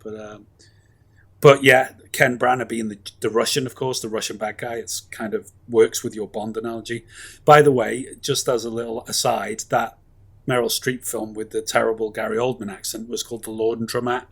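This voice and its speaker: A man's voice: mid-range voice, little pitch movement, moderate pace, slightly rough. A man co-hosting a film review podcast, chatting casually and rambling enthusiastically with many fillers and asides. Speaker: podcast co-host.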